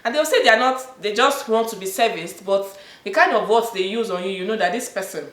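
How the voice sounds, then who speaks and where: A woman's voice: medium pitch, brisk, fairly bright tone. A Nigerian-accented woman guest in a casual chat, telling stories emphatically and laughing often. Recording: roomy echo.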